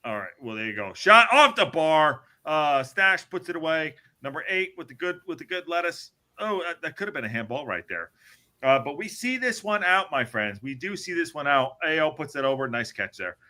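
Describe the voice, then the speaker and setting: A man hosting a podcast, calling match highlights in an excitable, joking play-by-play with some swearing. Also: moderate pace. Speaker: podcast host. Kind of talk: casual match commentary.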